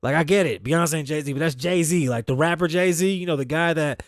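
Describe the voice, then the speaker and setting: Man, talk-show host, higher pitch, dry close sound, joking, animated, swears freely. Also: normal speed, no echo. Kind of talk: casual talk-show monologue. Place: studio.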